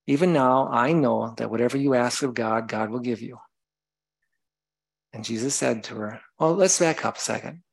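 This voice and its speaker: A male preacher with a gravelly, fry-edged voice, delivering a sermon. He reads scripture passages aloud and then explains them in plain terms. He sometimes stops to correct himself. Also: mid-range voice, normal speed, low-quality recording.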